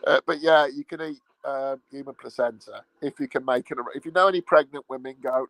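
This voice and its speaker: A man's voice: on the high side, steady tone, quick pace, creaky, hardly any pauses, fairly bright tone, no room sound, low-quality recording. A man ranting casually in a rambling, sweary, mocking way. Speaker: vlogger. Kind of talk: casual profane rant.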